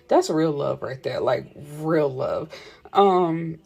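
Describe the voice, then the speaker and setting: A woman's voice: deep voice, lively intonation, slow, vocal fry, a little mellow, breathy edge. A woman casually recapping a novel in a chatty way, laughing and cursing freely. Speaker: book reviewer.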